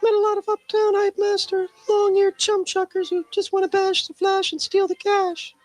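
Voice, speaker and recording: A woman doing a shrill flirty dame. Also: little pitch movement, normal speed, darkish tone, poor audio. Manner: sing-song sweet talk, slangy.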